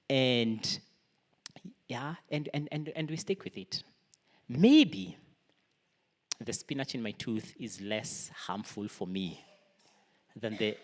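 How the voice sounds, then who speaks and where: A man preaching a sermon to a church congregation, earnest, raising his voice for emphasis and then dropping to a near-whisper. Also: medium pitch. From Kenya. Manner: earnest, swings between raised emphasis and soft near-whispers. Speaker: pastor. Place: church hall. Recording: long reverb of a large hall.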